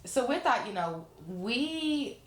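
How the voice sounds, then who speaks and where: A woman's voice: on the high side, big pitch swings, slow. A woman life coach talking earnestly and frankly in a casual chat, reflecting and swearing now and then. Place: room in a lash salon. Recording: roomy echo.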